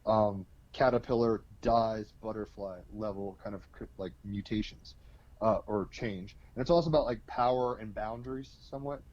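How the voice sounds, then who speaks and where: A man on as an astrology guest, telling an animated, rambling story, heavy with fillers. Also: fairly low pitch, normal speed, lo-fi sound. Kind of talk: casual storytelling explanation.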